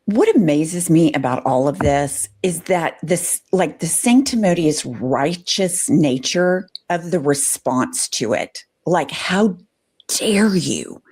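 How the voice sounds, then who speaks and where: A woman's voice: deep voice, sing-song, slow pace, darkish tone, slightly rough. A woman co-host giving emphatic, incredulous commentary on politics. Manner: incredulous, emphatic, rising disbelief.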